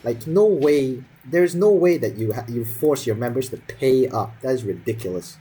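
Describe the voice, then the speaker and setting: A man's voice: medium pitch, expressive, moderate pace, mellow, faint music behind, low-quality recording. A young man in his teens telling a school story as a casual, profane, sarcastic rant full of fillers.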